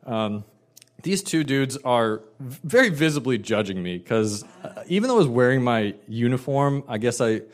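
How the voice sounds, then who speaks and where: Guy telling a funny story about himself, animated and emphatic. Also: mid-range voice, normal speed. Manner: animated, emphatic, self-mocking. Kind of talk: personal storytelling.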